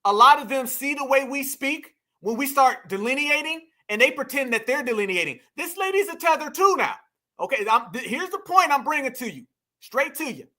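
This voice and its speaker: A man's voice: very high-pitched, sing-song, moderate pace, bright, forceful tone. A man hosting a reaction commentary, addressing viewers as "y'all" and "family" and repeating phrases for emphasis. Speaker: commentary host.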